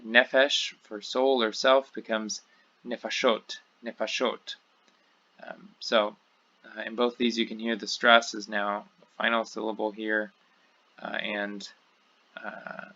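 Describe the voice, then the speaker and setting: A man's voice: lowish voice, little pitch movement, moderate pace, gravelly, sharp tone, highs cut off. A man teaching a recorded Hebrew grammar review, explaining patiently with frequent ums and uhs. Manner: patient, explanatory, with many fillers.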